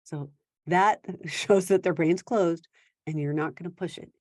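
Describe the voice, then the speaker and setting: Brief: woman parenting coach, lowish voice, dry close sound, chatty teaching tone. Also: a little mellow, dry recording. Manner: conversational, acts out quick quoted exchanges. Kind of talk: instructional talk to parents.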